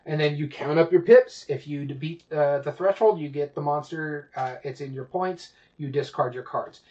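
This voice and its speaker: A man with a fairly high voice chats through a casual podcast, rambling with plenty of fillers and restarts. The audio is dull and lo-fi. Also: moderate pace, darkish tone. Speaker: podcast co-host. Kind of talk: casual chat about board games.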